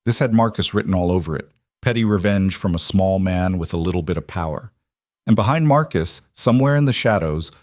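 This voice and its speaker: A man reading a scripted dramatic story in a steady, even narrating manner. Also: lowish voice, no echo, studio quality.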